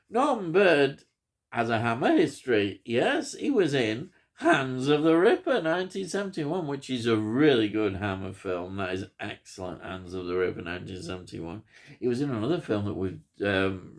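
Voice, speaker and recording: A man, reviewing a film in a rambling, enthusiastic chat full of ums. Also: medium pitch.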